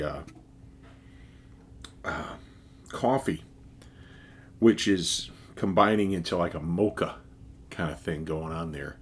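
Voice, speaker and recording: Guy reviewing a beer on his vlog, kinda husky voice, lots of uhs and restarts. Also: deep voice. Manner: enthusiastic, with frequent fillers and restarts. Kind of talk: casual tasting review.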